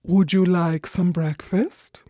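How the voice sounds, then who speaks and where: A narrator voicing a tall ogre's wife in a storybook reading for learners, hushed and urgent. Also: medium pitch, fairly even intonation, slow, no room sound, clean studio sound, pitched above the performer's own voice, natural voice. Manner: hushed and urgent, with a mocking laugh. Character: big, tall ogre's wife, sly but kind.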